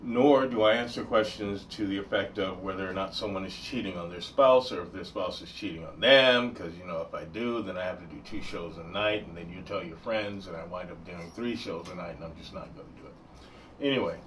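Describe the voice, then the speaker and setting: A man hosting a livestream, explaining his rules in a joking, deliberate way. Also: sits low, fairly bright tone, recorded from a distance, a little hiss or hum. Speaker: livestream host answering spiritual questions. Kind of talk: casual livestream talk.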